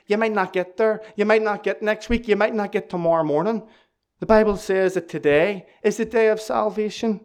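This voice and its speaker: A man's voice: high voice, brisk. A man preaching an evangelistic sermon, urgent and pleading, driving home key phrases again and again.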